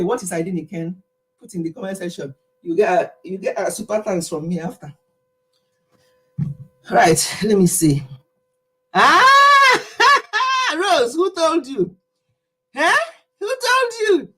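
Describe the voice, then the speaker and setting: A woman's voice: medium pitch, animated, moderate pace, pauses often. A middle-aged Nigerian woman chatting casually with her livestream viewers, laughing often as she tells stories. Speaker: livestream host.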